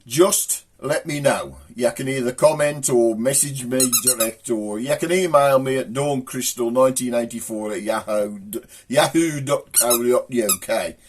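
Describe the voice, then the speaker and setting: A man's voice: mid-range voice, measured pace, hardly any pauses, slight background noise. Man, Black Country accent, rambling folksy joke-teller, casual comic monologue. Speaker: comic video host.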